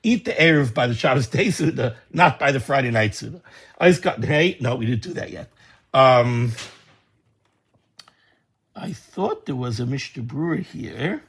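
A man teaching a lesson on religious law, reading passages aloud and explaining them in a lively way. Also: medium pitch, moderate pace, pauses often, slightly rough. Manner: lively explaining, reading Hebrew texts and translating. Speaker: Torah teacher. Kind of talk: Talmudic study lecture.

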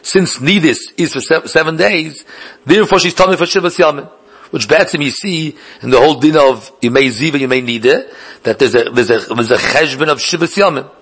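Husky man giving a halakhic lecture. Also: fairly high pitch, a little fast, fairly bright tone. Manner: thinks aloud with many repeated words and restarts; mixes English with Hebrew and Yiddish learning terms. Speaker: Talmud teacher. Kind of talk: Talmudic lecture.

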